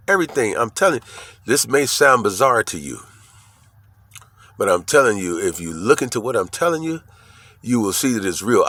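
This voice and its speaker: A man talking casually to the camera, telling a story in an animated way, swearing often and checking in with "right?" after his lines. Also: on the low side, dry recording. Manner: animated, profane, repeats "right?" and "you know what I'm saying?". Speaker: vlogger.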